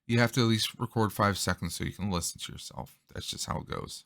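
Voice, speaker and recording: A man's voice: lowish voice, fast talker, gravelly, few pauses, fairly bright tone. A man rambling casually through a demo of a desk microphone at his home setup. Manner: rambling, chatty, thinks aloud. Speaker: tech reviewer. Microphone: desk USB microphone.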